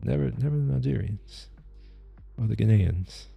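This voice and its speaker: A man's voice: medium pitch, moderate pace, vocal fry, mellow, husky, soft background music. A man streaming as he reacts to a video, rambling casually with lots of restarts and frequent laughter. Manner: rambling, many fillers and restarts, laughs often.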